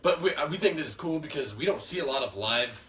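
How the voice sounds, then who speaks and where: A man in his twenties co-hosting a casual live podcast, relaxed and agreeable, quick to laugh along. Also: on the high side. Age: 20s. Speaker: podcast co-host. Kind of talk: casual live-stream chat. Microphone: phone recording. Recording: roomy echo with faint background hiss.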